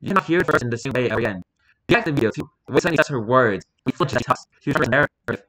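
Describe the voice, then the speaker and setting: A man's voice: medium pitch, sing-song, fast talker, bright, forceful tone, slight background noise. A man reading posts aloud in a rambling, jokey vlog commentary, swearing casually.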